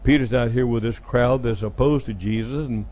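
Middle-aged guy preaching, dramatic, jumps loud then drops quiet when he acts out the story. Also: mid-range voice, moderate pace. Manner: dramatic retelling, acting out speakers with sudden loud jumps. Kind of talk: sermon.

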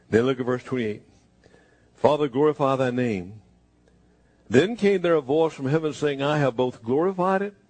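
A man preaching a sermon, speaking in first person as Jesus and moving between hushed, slow lines and emphatic bursts. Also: medium pitch, husky, no echo.

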